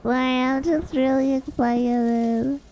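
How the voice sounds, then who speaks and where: A young woman streaming a game, chatting casually and gushing with excitement, breaking into little squeals. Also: high-pitched, takes it slowly, a little hiss or hum. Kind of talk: casual gameplay chat.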